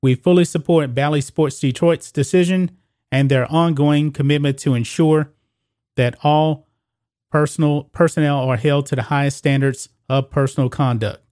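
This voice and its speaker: On his own sports opinion channel, a sports commentary host speaks casually to viewers in a steady, darkish voice on the high side, at normal speed. The studio-quality audio has no room sound. When reading news reports aloud, he stumbles and restarts.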